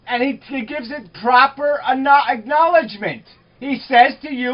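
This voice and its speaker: Shouting, profane woman in an argument. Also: sits high, moderate pace, few pauses. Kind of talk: heated argument. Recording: muffled lo-fi recording.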